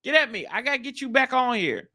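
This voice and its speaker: A man hosting a live stream, chatting casually and reading viewer comments in a slangy, animated way. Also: fast. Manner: animated, slangy, jumps pitch often. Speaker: livestream host.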